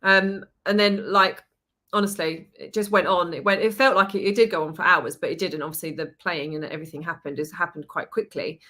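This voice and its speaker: A woman hosting a podcast, telling a story in a lively, chatty way, swearing and acting out what people said. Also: on the low side, fairly quick. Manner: animated storytelling, swears, acts out quotes. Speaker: podcast host. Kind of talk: casual chat.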